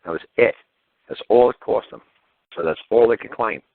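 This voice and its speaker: Deep-voiced, profane man on a phone line. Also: moderate pace, gravelly, no room sound. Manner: blunt, profane, fired-up storytelling. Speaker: talk show guest. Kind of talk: casual call-in radio chat.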